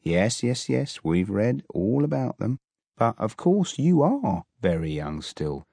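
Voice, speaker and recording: A man reading a polite young husband for an audiobook, mild and measured, low-voiced, unhurried, with a lively lilt to the lines. The sound is close and dry. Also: vocal fry, breathy edge, no echo, full character voice. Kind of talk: audiobook character voice.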